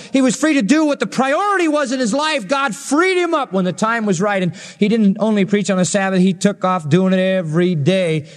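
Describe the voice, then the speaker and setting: A man's voice: high voice, in a large hall. A male pastor preaching an expository sermon, telling the story dramatically and acting out the quotes he reads.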